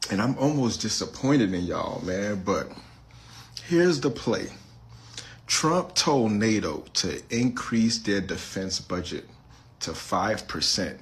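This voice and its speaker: A man ranting casually to his social media viewers in slang, talking straight at them. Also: lowish voice. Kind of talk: casual slangy video rant.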